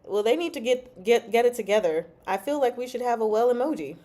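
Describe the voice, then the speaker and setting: A woman's voice: fairly high pitch, animated, fairly quick, mellow. A woman hosting a casual livestream chat about a novel, laughing often and reading out chat comments. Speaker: book club host.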